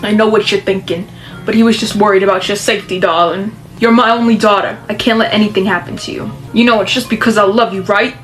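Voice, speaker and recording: A protective, controlling mother who talks slowly and firmly to her daughter, as a woman reader plays her in a storybook reading. Faint music plays behind her. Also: mid-range voice, fairly even intonation, natural voice. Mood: coaxing. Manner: firm, measured, controlling.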